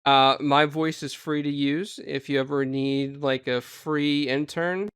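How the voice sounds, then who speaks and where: Male podcast co-host; eager, halting, smooth tone, dry. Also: a little high, steady tone, a bit bright, no room sound. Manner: eager, halting, filler-heavy. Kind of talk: casual podcast chat.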